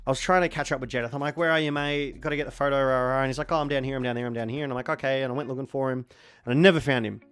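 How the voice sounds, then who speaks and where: A man in his forties with an Australian accent, chatting casually on a stream in a rambling way, sometimes bursting into excited shouting. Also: mid-range voice, racing, smooth. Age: 40s.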